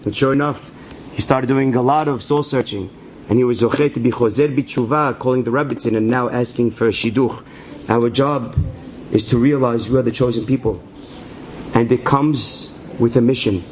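A man preaching through a story, theatrical and prone to leaping into high excited shouts. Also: normal speed, a little hiss or hum. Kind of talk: animated storytelling sermon.

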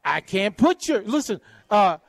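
A man on a sports radio show, ranting in an animated, sarcastic, exasperated way with vivid comparisons. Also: sits high, unhurried, no room sound. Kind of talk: fired-up sports talk.

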